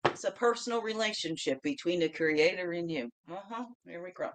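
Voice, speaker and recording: A woman hosting a daily reflection show, chatting through her spiritual card reading. She keeps asking "okay?", laughs often and swings from loud bursts to soft asides. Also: on the low side, fairly quick.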